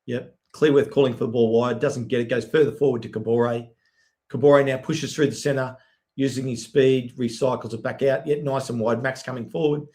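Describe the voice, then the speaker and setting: A man giving live, excitable play-by-play on a fan watch-along stream, chatting with viewers between plays. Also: medium pitch. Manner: excitable, quick play-by-play with frequent "yep"s. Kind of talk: live match commentary and chat with viewers.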